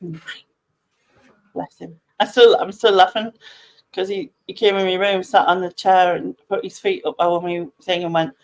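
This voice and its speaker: A woman's voice: lowish voice, steady tone, moderate pace. A woman hosting a casual video-call chat, chatty and laughing often. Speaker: host of an online meet-up.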